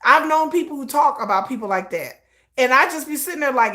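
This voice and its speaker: A woman hosts a livestream with a fairly high voice, giving casual commentary. She talks bluntly and with emphasis, dropping slang and profanity and laughing often. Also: lively intonation, brisk, sharp tone. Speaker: livestream host.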